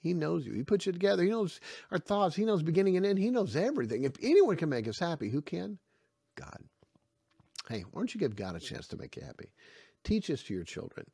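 A man teaching a Bible lesson for parents, with a gravelly voice that swings widely up and down as he acts out little scenes. The recording is dry and close. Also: high-pitched, brisk, no room sound. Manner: animated, acts out dialogue in his stories.

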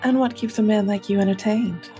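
Calm woman role-playing her character. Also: medium pitch, fairly quick, soft background music. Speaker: player.

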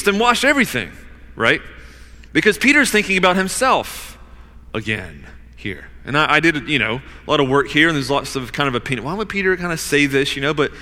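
Brief: male preacher, slightly high and very bright voice, casual and emphatic, long hall reverb. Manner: conversational, emphatic, fills with "like" and "you know". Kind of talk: sermon.

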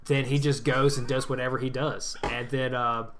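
Hombre joven presentando un pódcast informal. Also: male voice, mid-range voice, flat delivery, normal speed, fairly bright tone, slight background noise. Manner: loose, filler-heavy, joking. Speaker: podcast host. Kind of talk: casual chat.

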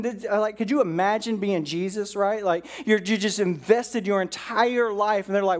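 A man preaching a relaxed, conversational sermon to a congregation in a church. He talks like he's chatting and often tosses in "right?" to check in with the room. Now and then he acts out bits of dialogue. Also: high-pitched, moderate pace, few pauses. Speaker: pastor.

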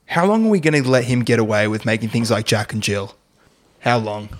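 A man's voice: medium pitch, very animated, fairly quick. A young man ranting and cracking jokes in a casual podcast chat, full of swearing and mock impressions. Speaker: podcast co-host. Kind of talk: casual banter.

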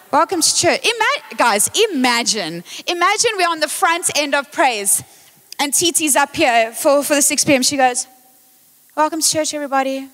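A high-voiced woman gives a lively sermon in a big church, talking into a handheld mic. She is excitable and quick to poke fun at herself. Her words ring out with the long reverb of the hall. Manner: excitable, playful and self-mocking. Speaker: worship leader preaching. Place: church auditorium, live service.

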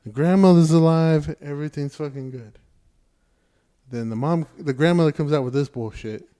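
A man with a mellow, warm tone retells a movie in casual podcast chat. He is animated and profane. He acts out the characters' lines with a sarcastic edge. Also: on the high side, moderate pace, smooth. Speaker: podcast co-host reviewing a movie.

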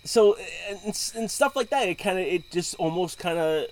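A man's voice: high voice, animated, fairly quick. A man in casual chat, rambling through stories and laughing often.

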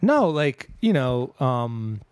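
A man in casual podcast chat, animated, profane and quick to cut in. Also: medium pitch, clear, resonant tone, no echo. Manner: animated, interrupts, profane, laughs often.

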